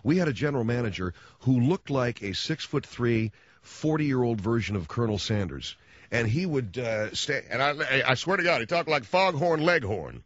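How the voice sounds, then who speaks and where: A man's voice: mid-range voice, lively intonation, normal speed, a bit bright, dry recording. A middle-aged man hosting radio, telling rambling stories in slangy casual talk and often slipping into voices. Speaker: radio host. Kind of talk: casual storytelling monologue. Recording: dull lo-fi, dry radio sound.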